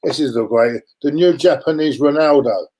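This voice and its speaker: Male guest, mellow and relaxed, lively storyteller in casual banter. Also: on the high side, moderate pace, low-quality recording. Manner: animated storyteller, mimics fans, exclaims. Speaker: guest on a live chat show. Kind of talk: casual football chat.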